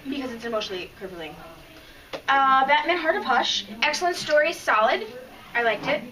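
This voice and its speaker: Eager and animated at a moderate pace, a woman co-hosting a podcast gets emotional while chatting about the comics she's read, frequently stumbling and restarting. She has a bright, high voice and sounds somewhat far off because she's set back from the microphone.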